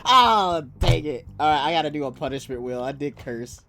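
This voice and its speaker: A man's voice: medium pitch, quick pace, vocal fry, soft background music. A man streaming a game with a friend, chatting casually, laughing often and talking to himself as he plays. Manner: laughs often, excitable, talks to himself while playing. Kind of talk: casual gaming stream chat.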